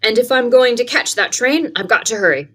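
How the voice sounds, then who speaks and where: A woman reading aloud and voicing a grim uncle who talks briskly and offhandedly. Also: on the high side, animated, a bit bright, voice pushed up.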